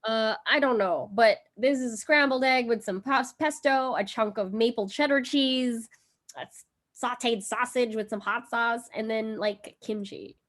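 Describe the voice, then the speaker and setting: A woman's voice: on the high side, measured pace, fairly bright tone. A woman hosting a casual live cooking stream from home, chatty and giggly with lots of fillers. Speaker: livestream cooking host. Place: home in Brooklyn.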